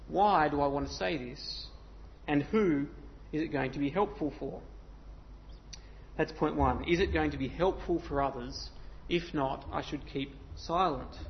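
Conversational man preaching a sermon. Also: a little high. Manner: conversational, self-deprecating asides, occasional restarts. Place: church. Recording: slightly dull sound with faint noise.

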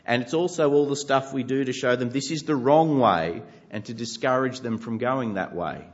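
A man's voice: medium pitch, moderate pace, muffled recording. A man preaching a sermon, earnest and conversational with light self-deprecating humor. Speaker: pastor.

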